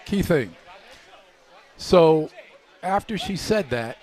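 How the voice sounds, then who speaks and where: Relaxed middle-aged man telling stories. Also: on the high side, slow pace. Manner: relaxed anecdotal storyteller, acts out quoted voices. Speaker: guest, former pro basketball player. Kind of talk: storytelling in a live radio chat.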